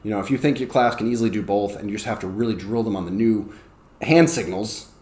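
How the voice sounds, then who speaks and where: A man teaching ESL, explaining and acting out classroom drills with bursts of excited, high calls. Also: fast talker. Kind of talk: teaching demonstration. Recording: roomy echo.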